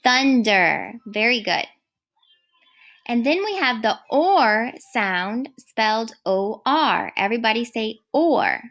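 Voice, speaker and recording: Brief: woman teacher, fairly high voice, unhurried, clear and encouraging reading lesson. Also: expressive, a bit bright. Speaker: first grade teacher. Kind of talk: recorded phonics lesson.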